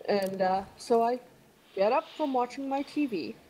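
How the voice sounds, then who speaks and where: A woman telling a childhood story in relaxed casual chat on a live stream. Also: fairly high pitch, measured pace, poor audio.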